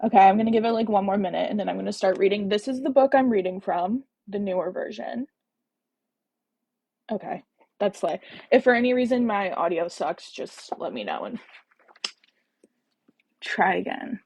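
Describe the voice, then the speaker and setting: A young woman chats bubbly and fast-moving on a casual live stream, her voice sitting mid-range with a gravelly fry. She jokes about herself and talks into a phone with an earbud mic. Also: medium pitch, expressive, darkish tone. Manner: bubbly, chatty, self-deprecating. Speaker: podcast host reading live. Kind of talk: casual livestream chat.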